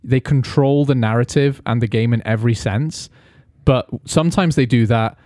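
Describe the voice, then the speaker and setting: A man in casual sports chat, talking animatedly and swearing freely. His voice sits at an ordinary middle pitch. The sound is dry and close, with no room echo. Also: normal speed. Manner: animated, swears freely, slips into mock quotes. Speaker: podcast co-host.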